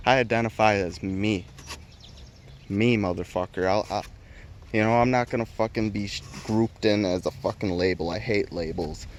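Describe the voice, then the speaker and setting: A man's voice: fairly low pitch, moderate pace, a little hiss or hum. A man vlogging an opinion rant, heated and rambling, swearing constantly and restarting his sentences.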